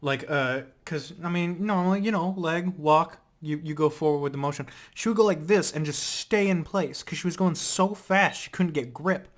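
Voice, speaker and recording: A young man casually rambling in a vlog, telling animated stories full of fillers and laughter. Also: a little high, moderate pace, few pauses. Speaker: vlogger.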